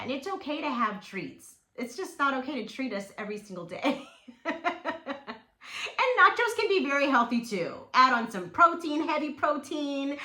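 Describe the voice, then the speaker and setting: A woman speaks straight to her viewers about weight loss in a warmly motivating, playful way. Her voice sits a little high and rises and falls a lot. The room echoes and a faint hiss sits behind her. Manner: lively, encouraging, playful. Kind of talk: encouraging motivational vlog.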